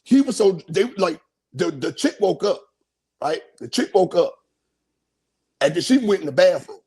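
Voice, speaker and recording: A podcast host telling a crude, animated story in casual chat, acting out the people he quotes. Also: sits high, moderate pace, breathy edge.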